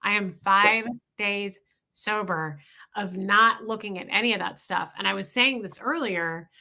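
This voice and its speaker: A woman with a bright, forward voice co-hosts a casual livestream. She is effusive and warm, reading out comments and speaking directly to her audience. Her voice sits at an ordinary pitch for a woman. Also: unhurried, creaky, rough recording. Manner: effusive, talks straight to viewers. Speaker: co-host.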